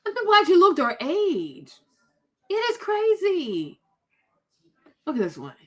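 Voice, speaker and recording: A woman host giving casual reaction commentary on pictures, animated and exclaiming, repeating herself a lot. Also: very high-pitched, a little slow. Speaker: commentary vlogger.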